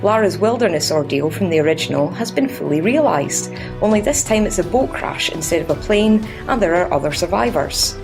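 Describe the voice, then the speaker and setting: A woman's voice: lowish voice, expressive, brisk, hardly any pauses, over music. A young Scottish woman narrating a scripted video game review in a sarcastic, crude and cheeky way.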